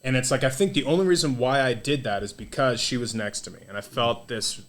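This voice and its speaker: A man, a podcast guest, telling a story in a casual, animated and profane way, full of "dude" and "like". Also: mid-range voice, fast. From United States.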